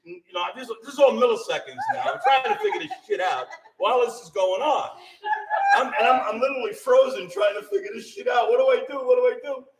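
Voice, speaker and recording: A middle-aged man with an extremely high-pitched voice tells a ghost story quickly and animatedly to a small live audience, laughing and acting out the voices. He's recorded from a distance, off-mic, with a roomy sound.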